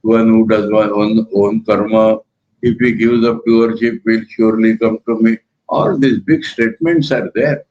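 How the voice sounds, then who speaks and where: An older man with an Indian accent, a monk giving a spiritual lecture in a measured, emphatic way that repeats key words. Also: fairly low pitch, fairly even intonation, a little mellow, lo-fi sound, a little hiss or hum.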